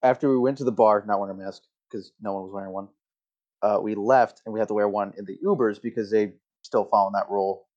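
A man's voice: lowish voice, steady tone, fast, a little mellow. A young man co-hosting a casual podcast, telling stories hesitantly with lots of fillers. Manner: hesitant, filler-heavy storytelling. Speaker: podcast co-host. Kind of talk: casual chat. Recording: dull lo-fi mic.

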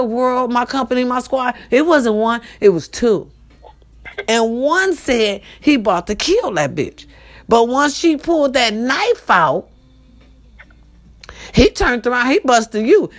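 A woman hosting a casual talk show, telling a story to her listeners in a lively, profane, chatty way. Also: a little high. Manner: animated, profane, addresses listeners directly.

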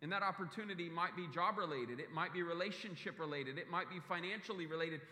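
Bright-voiced pastor preaching in echoey hall. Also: male voice, fairly high pitch, fast talker. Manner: earnest, repeats words when searching for them. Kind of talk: sermon. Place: church sanctuary. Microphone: handheld or stage mic.

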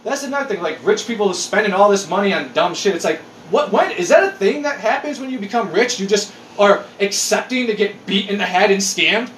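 A man's voice: sits high, lively intonation, fairly quick, hardly any pauses, fairly bright tone, slight background noise. Swearing fed-up guy in his 40s, voice bouncing up and down, echoey room. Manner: profane, ranting, exasperated. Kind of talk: casual chat.

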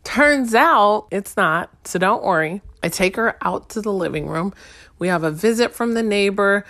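A woman's voice: mid-range voice, expressive, normal speed, fairly bright tone, no room sound. A woman in her thirties, a stay-at-home mom, telling a casual wry story straight to her listeners.

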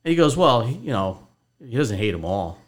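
Animated male podcast host telling a story. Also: medium pitch, normal speed. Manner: animated, acts out both sides of a phone call. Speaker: podcast host, financial advisor. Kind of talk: casual storytelling to listeners.

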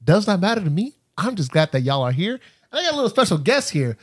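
A man hosting a podcast, talking in a relaxed, casual way with lots of fillers and easy laughs. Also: high voice, quick pace. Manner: laid-back, filler-heavy, laughs easily. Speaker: podcast host.

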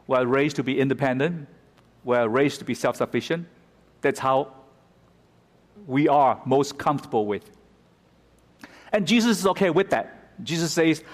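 A man's voice: fairly high pitch, expressive, normal speed, pauses often. Man preaching in an echoing hall. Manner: expository, dramatic when quoting scripture. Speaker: pastor. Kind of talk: sermon. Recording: reverberant hall.

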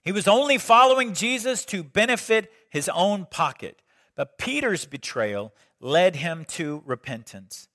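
A middle-aged pastor delivers a sermon like a storyteller. His voice sits high and ringing bright, and he swings from loud emphasis to near-hushed moments. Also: expressive, a little slow. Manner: storytelling preacher, dramatic shifts between loud and hushed.

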